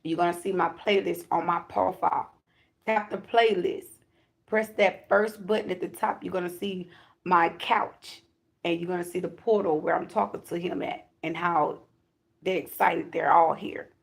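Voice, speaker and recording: Gravelly low-voiced woman chatting to viewers. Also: steady tone, normal speed. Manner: chatty, emphatic, addresses viewers directly. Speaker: spiritual reader. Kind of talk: casual spiritual talk to viewers.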